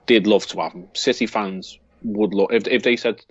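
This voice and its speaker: A man's voice: lowish voice, steady tone, moderate pace, dry recording, dull audio. A man with a Liverpool accent co-hosting a football podcast, talking in a rambling way with many restarts. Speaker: podcast co-host. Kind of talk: casual football chat.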